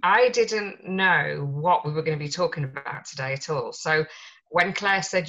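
A woman chatting as a podcast guest, bubbly and quick to laugh. Her voice is bright and a little low, and the recording sounds dull and lo-fi. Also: expressive. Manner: bubbly, jokey, laughs often. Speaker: podcast guest, small business owner. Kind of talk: casual chat.

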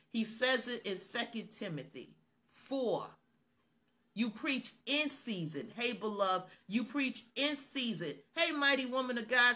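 A woman's voice: mid-range voice, sharp tone. A woman preaching a sermon on a live stream, stressing her points by repeating phrases.

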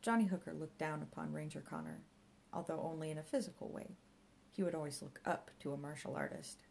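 Low-voiced woman narrating an audiobook. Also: brisk, gravelly, darkish tone, slight background noise, low-quality recording.

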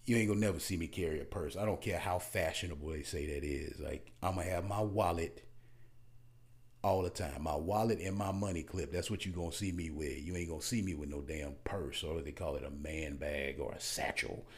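Man, casual rant, blunt and emphatic, somewhat low voice, repeats himself when fired up. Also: a little fast. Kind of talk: casual ranting monologue.

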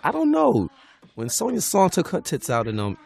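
A man chatting enthusiastically on a commentary track, casual and relaxed. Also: high voice, moderate pace, gravelly.

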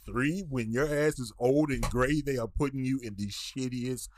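A man's voice: medium pitch, normal speed. Blunt man ranting with faint noise. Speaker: podcast co-host. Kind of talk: casual chat rant.

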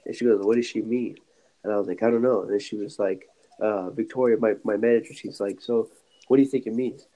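A man's voice: on the low side, fairly even intonation, fast, dark tone, poor audio. A young man co-hosting a podcast, telling a rambling story full of fillers and restarts. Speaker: podcast co-host. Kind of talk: casual podcast chat. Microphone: podcast mic.

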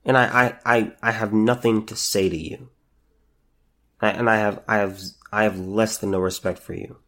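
Halting, emotional man on a podcast. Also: lowish voice, fairly even intonation, a bit bright. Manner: halting, repeats words, emotional and indignant. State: close to tears. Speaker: podcast host. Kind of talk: solo commentary podcast.

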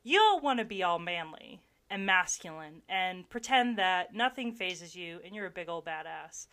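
A woman from the American South with a Southern accent, telling army stories in a casual chat, animated and laughing often. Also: fairly low pitch, moderate pace. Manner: animated, laughing storyteller with frequent fillers. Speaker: army veteran guest.

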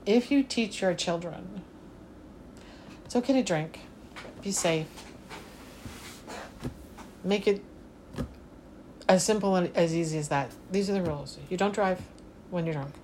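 A woman's voice: lowish voice, unhurried, pauses often, a little mellow, a little hiss or hum, rough recording. A woman in casual conversation, talking emphatically and running through long lists of examples. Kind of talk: casual chat.

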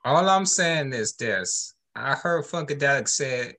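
A man's voice: medium pitch, expressive, measured pace, bright, forceful tone. A man co-hosting a podcast, teasing his partner and lecturing listeners in a casual chat, speaking. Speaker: podcast co-host.

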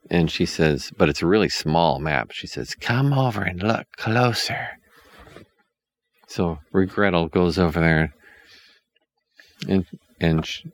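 A father improvising a bedtime story for his kids, rambling along unhurriedly with restarts. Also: extremely low pitch.

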